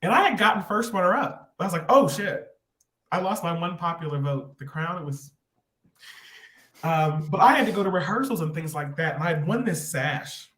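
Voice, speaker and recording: A man as a podcast guest, telling a personal story in a rambling, animated way with many restarts. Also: on the high side, a little fast. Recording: roomy echo.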